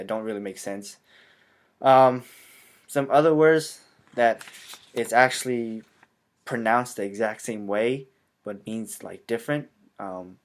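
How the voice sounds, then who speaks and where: A man whose first language is Hmong, explaining in a casual, halting way with frequent filler sounds. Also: fairly low pitch.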